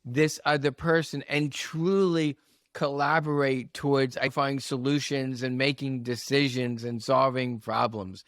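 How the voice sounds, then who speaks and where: A man who coaches, speaking as a podcast guest at a mid pitch. He tells stories in an animated way and acts out what people said. The recording is dry and close. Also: a little slow, no echo. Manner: storytelling, animated, acts out quotes. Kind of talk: casual podcast conversation.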